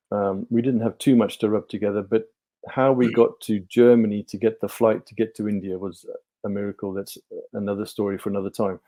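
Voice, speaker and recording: Middle-aged guest, low warm voice, meandering storyteller. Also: male voice. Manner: rambling, many ums and restarts. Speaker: podcast guest, life coach. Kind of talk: relaxed storytelling interview.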